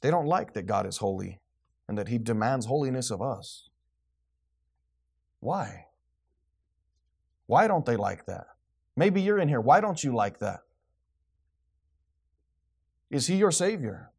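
A man's voice: medium pitch, big pitch swings, unhurried, gravelly, pauses often, breathy edge. A man preaching a sermon, building up with rhetorical questions and acted-out quotes. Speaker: pastor.

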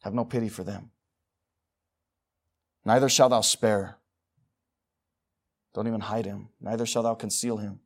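A man preaching a sermon, moving between quiet, intimate asides and loud, emphatic passages as he reads scripture. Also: fairly low pitch, steady tone, measured pace, long pauses.

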